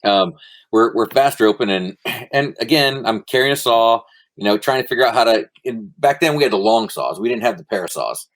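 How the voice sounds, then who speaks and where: A middle-aged man, a former soldier, telling stories casually as a podcast guest, relaxed and swearing, with many fillers. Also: medium pitch, brisk. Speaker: guest, former Army Ranger. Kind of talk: casual storytelling interview.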